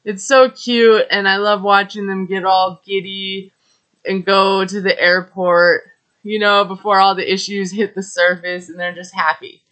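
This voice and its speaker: Chatty woman recapping reality TV, slow. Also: mid-range voice, flat delivery, a bit bright, clear, resonant tone. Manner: chatty, gossipy, with frequent fillers and wry asides. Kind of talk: casual recap commentary.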